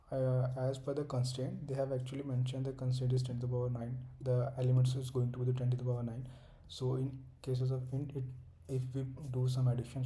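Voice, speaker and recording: A man's voice: mid-range voice, warm tone, low-quality recording. A young man hosting a coding tutorial, walking through a solution step by step in loose, non-native English phrasing with many fillers. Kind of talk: screen-recorded coding walkthrough.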